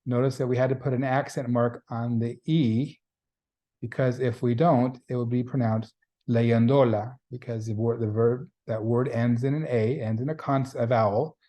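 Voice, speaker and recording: A man's voice: mid-range voice, steady tone, moderate pace, mellow. A man teaching a beginning Spanish class in a recorded lecture, explaining grammar patiently and repeating the key points. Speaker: Spanish instructor.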